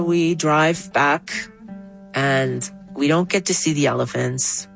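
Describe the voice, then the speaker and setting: A woman, a writer, telling an animated first-hand story with soft music behind. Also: extremely slow, vocal fry, long pauses, rough recording. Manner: animated, rising pitch when excited. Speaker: interviewee. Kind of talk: storytelling in an interview.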